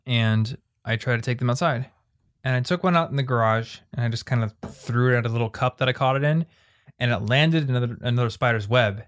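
A man's voice: mid-range voice, fairly quick. A young man from Iowa hosts a casual podcast chat with a friend. He rambles through a story with an easy mid-range voice and restarts his sentences as he goes. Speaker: podcast host.

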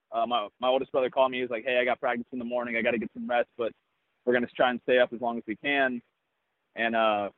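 Young male athlete recounting a memory in an interview; halting, even tone, heard over a tinny phone line. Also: medium pitch, no echo. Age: young adult. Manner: halting, many restarts and fillers. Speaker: baseball prospect. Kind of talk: interview storytelling.

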